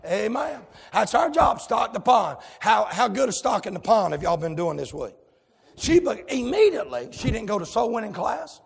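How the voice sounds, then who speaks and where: A man preaching a fiery sermon, shouting and calling out to the congregation. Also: sits high, big pitch swings, normal speed, creaky, husky, long reverb tail.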